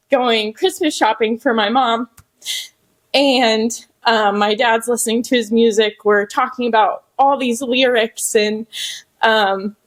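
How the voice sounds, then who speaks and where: A young woman with a fairly high voice gives a personal tribute at a ballroom gathering. She laughs softly through her emotion and pauses often on fillers. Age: young adult. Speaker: speaker at a memorial honoring her father. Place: hotel ballroom event.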